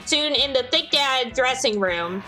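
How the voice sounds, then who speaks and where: A woman's voice: sits high, animated, measured pace, bright, forceful tone, soft background music, poor audio. A young woman hosting a story game, reading its text aloud in a mock-grandiose, playful way. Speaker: host playing a story game.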